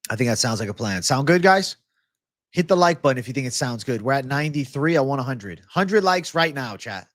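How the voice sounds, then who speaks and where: A man's voice: medium pitch, animated, fast talker, no room sound, clean studio sound. A man hosting a live-streamed MMA betting show, ranting with profanity to his chat about fight props. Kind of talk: live-stream prop picks talk.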